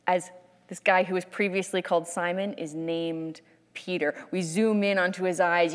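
A woman preacher narrating Bible scenes like film shots, in an animated storytelling sermon. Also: fairly low pitch, in a large hall.

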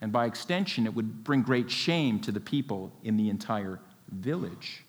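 A man preaching a sermon, expressive and full of rhetorical questions, with a light laugh now and then. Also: lowish voice, moderate pace. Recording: long hall reverb.

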